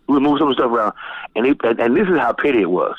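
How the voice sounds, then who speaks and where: A middle-aged man from Florida, telling stories as a guest DJ in a loose, profane, animated way. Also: very fast, no room sound. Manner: animated, profane, jumps high when quoting people. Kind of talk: casual storytelling interview. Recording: tinny phone-line sound, dry.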